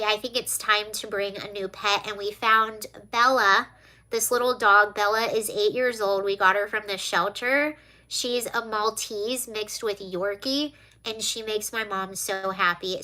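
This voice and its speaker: A woman's voice: mid-range voice, pushed and bright. A woman hosting a casual livestream, talking to viewers and tearing up as she speaks. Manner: emotional, tearful, talking to viewers. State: tearful. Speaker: livestream host.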